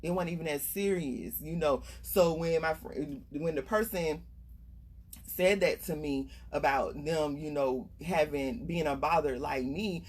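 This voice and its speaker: A woman's voice: deep voice, a little slow, darkish tone. Earnest woman giving life advice. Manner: earnest, conversational, emphatic. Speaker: life coach. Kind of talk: casual motivational talk.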